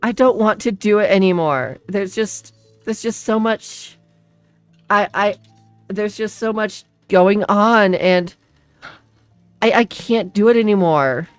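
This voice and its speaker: A woman's voice: mid-range voice, takes it slowly, clean tone, no echo, soft background music, voice pushed up, lightly acted. A woman voicing a distressed young woman who stammers and pleads, close to tears. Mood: pleading. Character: distressed young woman bound by a dark deal.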